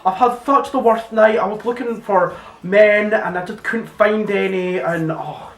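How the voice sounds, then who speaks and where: Man doing a shrill, dramatic young woman. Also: a little slow. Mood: lovelorn. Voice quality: high falsetto, loud and drawn out. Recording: roomy and distant.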